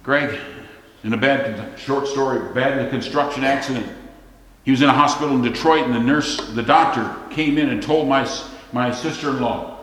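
A man preaching a sermon as pastor, moving from soft, confiding storytelling to rising, emphatic declarations. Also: mid-range voice, brisk, echoey room, long reverb tail, slight background noise.

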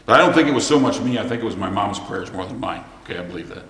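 A man preaching a sermon as pastor, moving from soft, confiding storytelling to rising, emphatic declarations. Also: fairly low pitch, animated, racing, echoey room, big-room sound.

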